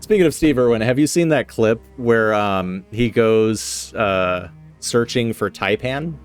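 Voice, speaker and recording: Casting: male game streamer, lowish pitch, rambling casual chat, faint music underneath. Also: a little slow, clean tone. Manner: rambling storyteller, laughs often.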